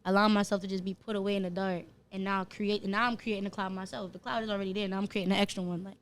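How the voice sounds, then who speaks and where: A woman with a New Jersey accent speaks as a podcast guest, pouring out a heartfelt story in loose slang. Her pitch sits in a middle range. A faint hum of noise runs under her voice. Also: level tone, rapid-fire. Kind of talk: casual podcast chat.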